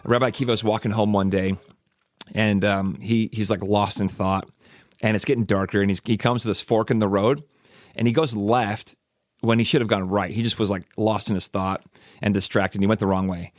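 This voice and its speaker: A man's voice: fairly low pitch, fairly even intonation, fairly quick, no echo, clean studio sound. A man hosting a reflective podcast, telling a story casually with lots of "like" and "you know". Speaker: podcast host.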